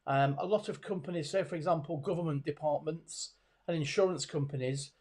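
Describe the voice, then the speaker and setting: A man's voice: on the high side, brisk, a little mellow, slightly rough. A middle-aged man from the UK, a body language expert speaking as a guest on a video call, with many fillers and restarts. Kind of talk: conversational video call interview. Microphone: video call webcam.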